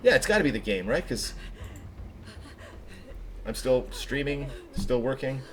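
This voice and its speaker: A man streaming a game live, chatty and excitable, talking to viewers between moves. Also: mid-range voice, a little slow, a little hiss or hum. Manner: chatty, excitable, laughs easily. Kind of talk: live gameplay commentary.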